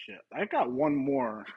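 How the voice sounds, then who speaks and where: A man's voice: sits high, vocal fry, slightly rough, narrow, tinny audio. A man hosting a live stream, casual and thinking aloud, who swears and laughs easily.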